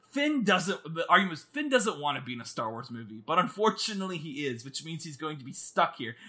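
Casual co-host: man, high and bright voice, very animated delivery. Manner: animated, laughing, mock-screaming. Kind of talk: casual movie chat.

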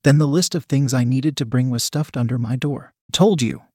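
A man's voice: medium pitch, fairly even intonation, brisk, mellow, slightly rough, no room sound, clean studio sound. A man reading a first-person story aloud in a casual, wry storytelling manner. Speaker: narrator.

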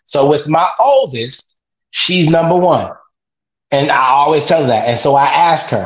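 A man with a somewhat high voice speaks as a podcast guest, energetic and repetitive like a motivational speaker. His audio sounds roomy and echoey. It also has a dull, lo-fi tone. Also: moderate pace. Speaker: podcast guest, father of two daughters. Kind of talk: casual podcast interview.

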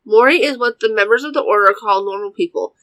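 A woman's voice: mid-range voice, fast, fairly bright tone, dry recording, low-quality recording. A woman reading her own first-person story aloud, plainly and with occasional slips.

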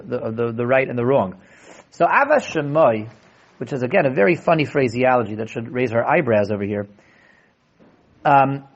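A young man teaching a lively Torah class, animated, often restarting his sentences and acting out quotes. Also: on the high side. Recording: dull lo-fi classroom recording.

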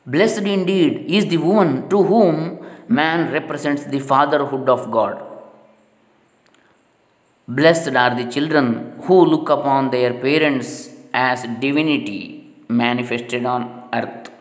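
A man reading a spiritual text aloud in a slow, measured, solemn way. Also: medium pitch. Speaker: reader. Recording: echoey hall with long reverb.

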